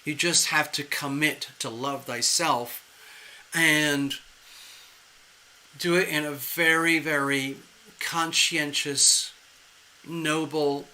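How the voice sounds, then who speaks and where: Bright-voiced chatty tarot reader. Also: male voice, a little high, takes it slowly, long pauses, poor audio. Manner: animated, chatty, conversational and playful. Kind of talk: live-stream tarot reading.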